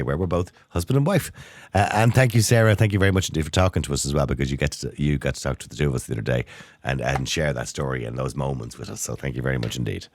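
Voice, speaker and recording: Middle-aged Irish male radio host, very low voice with a lively swing, chatty and quick to laugh. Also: no room sound, studio quality. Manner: animated, chatty, laughs often. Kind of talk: casual radio chat.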